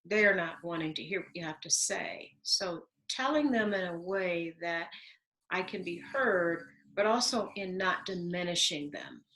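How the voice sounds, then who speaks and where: A woman hosting a conversation over a video call, telling personal stories in an animated, emphatic way. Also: fairly low pitch, unhurried, a little hiss or hum, low-quality recording. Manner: animated storyteller, warm and emphatic. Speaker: host. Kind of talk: conversational interview.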